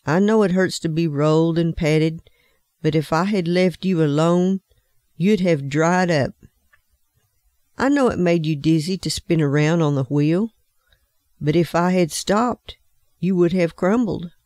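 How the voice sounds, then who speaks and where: A woman voicing a calm, patient master potter who gently explains himself. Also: on the low side, a little slow, pauses often, dry recording, clean studio sound, natural voice. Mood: gentle.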